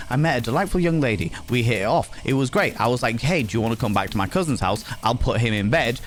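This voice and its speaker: A young man chatting casually on a live stream, swearing freely and telling stories in an animated, exasperated way. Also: on the low side.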